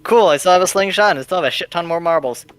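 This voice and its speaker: A man's voice: high-pitched, very fast, clear, resonant tone, dry recording. A man playing in a tabletop game, cocky and profane. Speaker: player. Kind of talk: casual tabletop game chat.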